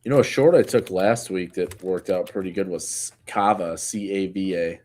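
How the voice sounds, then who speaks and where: A man co-hosting a live trading stream in relaxed casual chat, recounting his own trades. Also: low voice, normal speed.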